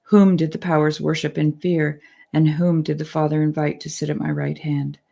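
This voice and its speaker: A woman hosting a discussion show, her voice sitting a little low with a gravelly fry at the edges. She reads aloud with earnest weight and then slips into easy, laughing conversation. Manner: earnest, quick to laugh, lively when excited. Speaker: podcast host.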